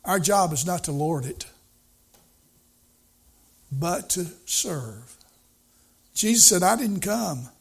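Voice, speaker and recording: A man's voice: a little high, expressive, takes it slowly, long pauses, slightly rough. A male preacher giving a sermon in a folksy, storytelling way, repeating his points for emphasis.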